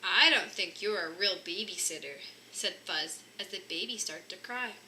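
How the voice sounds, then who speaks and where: Reading a children's picture book aloud, a woman with a lowish voice keeps a moderate pace and stays lively, raising her voice for the bear cubs' lines. Background noise can be heard.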